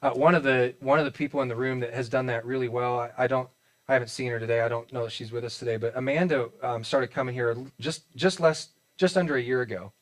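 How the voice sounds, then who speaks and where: A man's voice: mid-range voice, steady tone, quick pace. A man in his forties with a Midwestern American accent, preaching a sermon in a church in a conversational, joking way, with many restarts and acted-out quotes. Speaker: pastor. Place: church auditorium.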